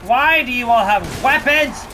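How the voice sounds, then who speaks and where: A let's play host giving casual gameplay commentary, reacting loudly, swearing and talking back to enemies. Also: mid-range voice, moderate pace, a little hiss or hum.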